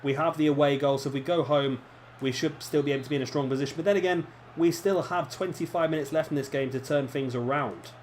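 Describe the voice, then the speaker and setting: A man's voice: on the high side, fast, darkish tone, slight background noise. A young man giving casual, self-deprecating commentary while playing a football video game. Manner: chatty, self-deprecating, reacting aloud to play. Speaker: gaming commentator. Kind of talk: casual let's-play commentary.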